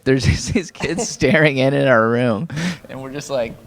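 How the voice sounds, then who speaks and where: A man in a band chatting casually in an interview, joking and filling gaps with "like" and "um", his voice a bit hoarse. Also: medium pitch, moderate pace, a crowd in the background. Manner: relaxed, joking, lots of fillers. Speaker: band member.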